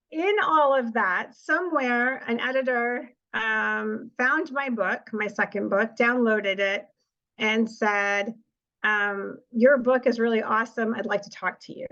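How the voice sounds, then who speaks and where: A woman's voice: fairly high pitch, a bit bright, dull audio. A middle-aged woman giving a presentation as an author, telling stories in a chatty way and acting out what people said. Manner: chatty storytelling, acts out quoted lines. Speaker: author and speaker. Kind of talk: presentation with slides.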